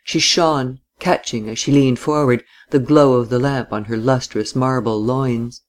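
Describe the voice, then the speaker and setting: A man narrating a classic novel in a measured, deliberate audiobook style. He reads steadily and with care, letting the long descriptive sentences unfold. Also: mid-range voice, fairly even intonation.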